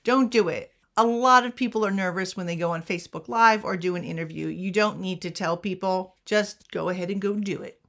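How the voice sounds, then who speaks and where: A chatty woman talks straight to her viewers, handing out practical tips in a relaxed vlog. Her pitch sits in an ordinary middle range. She pokes fun at herself as she goes. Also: fairly quick, hardly any pauses. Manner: chatty, self-deprecating humor. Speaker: author and teacher. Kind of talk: casual advice vlog.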